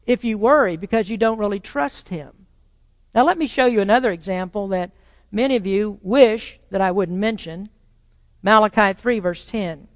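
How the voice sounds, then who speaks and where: A pastor preaching a sermon to a congregation, swinging between loud proclaiming and quiet, probing rhetorical questions. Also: medium pitch. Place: church sanctuary with a congregation. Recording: long reverb of a large church hall.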